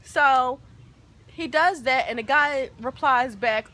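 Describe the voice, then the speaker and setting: A woman telling a story on her vlog, animated and dramatic, acting out loud quotes. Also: high-pitched, slow pace, slight background noise. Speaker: vlogger.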